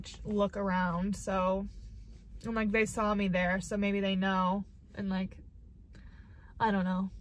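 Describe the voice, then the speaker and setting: A woman's voice: medium pitch, slight background noise. A woman vlogging from her parked car, tearful and upset, rambling with lots of "like" fillers as she talks to the camera. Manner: rambling, heavy use of "like" fillers. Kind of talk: casual vlog talk to camera.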